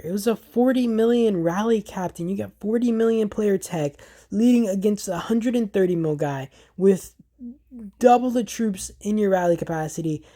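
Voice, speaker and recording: Mellow-voiced excitable gaming commentator, man. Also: sits high. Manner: excitable and exasperated, stumbling restarts, addresses viewers as guys. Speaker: gaming channel host. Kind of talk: casual gameplay commentary.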